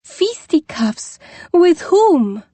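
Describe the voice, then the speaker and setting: A woman's voice: very high-pitched, sing-song, very slow, dark tone, no room sound, voice pushed up, exaggerated voice. A woman voicing an emotional, foreign-born dowager mother with a rolling accent and an effusive, pleading way of talking. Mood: alarmed.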